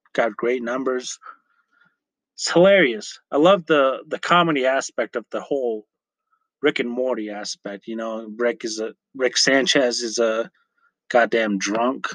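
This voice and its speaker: Slow-talking man with a dry podcast mic. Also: mid-range voice, a bit bright, dry recording. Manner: rambling, chatty, self-correcting with frequent fillers. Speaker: podcast host. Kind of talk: casual solo podcast chat.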